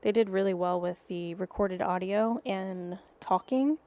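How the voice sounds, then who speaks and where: A woman's voice: medium pitch, unhurried, dull audio. A woman co-hosting a podcast, chatting casually with many hesitant ums. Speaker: podcast co-host. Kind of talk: casual chat.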